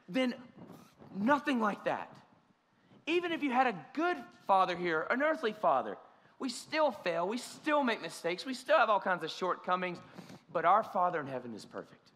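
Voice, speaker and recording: A man delivers a sermon in an earnest, conversational way, often restarting his phrases. His voice is a little high for a man and bright, almost forceful. Long reverb from the church sanctuary trails after his words. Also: big pitch swings, moderate pace. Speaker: pastor.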